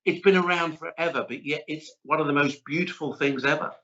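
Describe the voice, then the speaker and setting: A middle-aged man chatting as a chef guest in an interview, an animated, rambling storyteller. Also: fairly high pitch, fairly quick. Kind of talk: casual interview chat. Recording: dull lo-fi audio.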